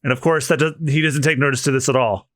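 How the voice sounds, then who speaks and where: A man co-hosting a podcast. He reads a comic aloud, voicing the characters with lively, high, shouting lines. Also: quick pace, no room sound, studio quality. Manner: animated, voices characters with high shouting pitch. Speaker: podcast co-host. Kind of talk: manga readthrough, reading lines aloud with voices.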